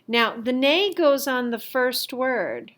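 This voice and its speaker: Middle-aged lady teacher going over worksheets, slow and patient, voice a bit high. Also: big pitch swings, a bit bright. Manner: slow, careful explanation with fillers. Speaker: Latin teacher. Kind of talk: worksheet review lesson.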